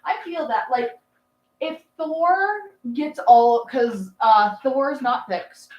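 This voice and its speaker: Woman, 30s, livestream host; chatty, filler-heavy, affectionate, slightly high voice in a roomy space. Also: slow pace, highs cut off. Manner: chatty and rambling, many fillers and laughs; doting on her dog. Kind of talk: casual livestream chat.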